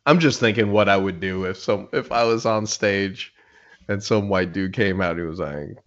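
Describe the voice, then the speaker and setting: A man's voice: deep voice, moderate pace, lo-fi sound. A man in a casual podcast chat, reflective and conversational. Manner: conversational, reflective, laughs hard at jokes.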